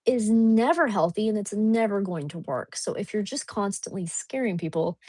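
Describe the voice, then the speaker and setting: A woman's voice: medium pitch, moderate pace, a little mellow, husky, no echo. A woman in casual conversation, making her points earnestly and with emphasis. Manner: earnest and emphatic, building an argument. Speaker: co-host in a conversation. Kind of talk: casual chat.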